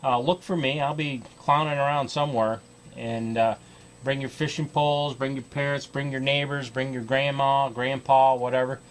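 A man's voice: mid-range voice, steady tone, normal speed, slight background noise. An American man hosting a kids' fly fishing show, talking casually to camera in a chatty, folksy way with plenty of ums and restarts. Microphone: TV studio microphone.

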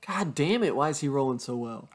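A man's voice: medium pitch, lively intonation, brisk, faint music behind. A young man commentating his own gameplay, exasperated, swearing and groaning at his bad luck. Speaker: gaming YouTuber.

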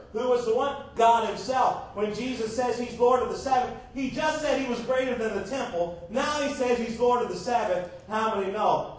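Male pastor, emphatic sermon delivery, high voice, far from the mic in a booming echoey church. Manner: emphatic preaching with rhetorical questions to the congregation.

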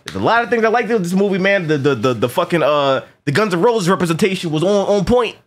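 Swearing and animated, a man chats about a movie in a fast, high-pitched voice. He frequently repeats himself and acts out the film's lines.

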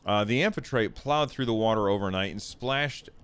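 A man's voice: fairly low pitch, moderate pace, a bit bright, clear, resonant tone. A man hosting a gaming video, reading a text game aloud and chatting, stumbling over words and joking about himself. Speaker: gaming channel host.

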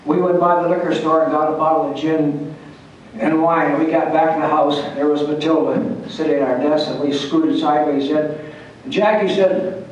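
A man's voice: on the high side, fairly even intonation, moderate pace, lo-fi sound, slight background noise. Older guy telling old air force stories, folksy, kinda far from the mic, big echoey hall. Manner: folksy, salty anecdotes with frequent restarts and chuckles. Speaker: retired Air Force pilot telling a war story. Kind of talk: casual storytelling to an audience. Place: large hall at a historical society meeting. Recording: distant, very echoey hall recording.

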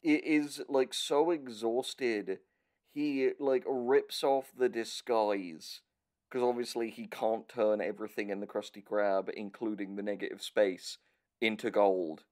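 A man's voice: on the low side, steady tone, darkish tone. A man co-hosting a podcast, telling a cartoon episode as a comedic recap and laughing often. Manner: unhurried storytelling, laughs often. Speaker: podcast co-host.

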